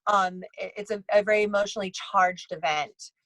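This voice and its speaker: A woman's voice: medium pitch, fairly even intonation, brisk, a bit bright, no room sound, low-quality recording. A woman who works as a psychic medium and bridal tailor, telling stories casually in an interview, rambling with many restarts and acting out other people's lines.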